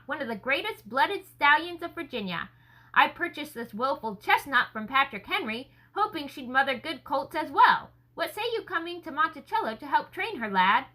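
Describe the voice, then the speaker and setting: A woman voicing an earnest, enthusiastic gentleman scholar in a story reading, speaking effusively. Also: sits high, big pitch swings, moderate pace, heavily acted, poor audio. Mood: eager.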